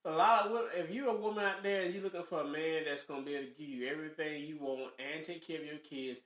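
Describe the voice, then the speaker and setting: A man co-hosting a casual podcast with a Southern US accent, ranting in an animated, preachy way. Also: a little high, fast. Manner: animated, preachy rants with mock voices. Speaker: podcast co-host. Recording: echoey room.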